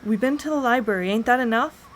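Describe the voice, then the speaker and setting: A woman's voice: a little high, quick pace, a little hiss or hum, voice pushed up, natural voice. A woman voicing an anxious, earnest young boy in a storybook reading, with worried, pleading calls. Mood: protesting.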